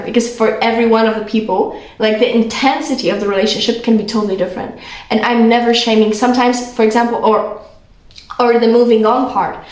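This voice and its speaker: A woman's voice: on the high side, echoey room. A young woman from Poland with a Polish accent, talking earnestly and rambling through a casual vlog monologue full of fillers. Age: young adult. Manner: earnest, rambling, filler-heavy, quick bursts. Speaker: vlogger.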